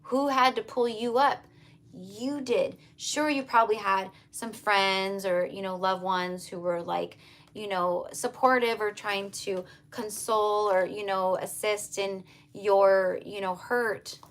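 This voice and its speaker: This woman gives a casual tarot reading slowly, her mid-range voice holding a steady tone. She addresses viewers as "you guys," sounding earnest and emphatic and circling back over the same points.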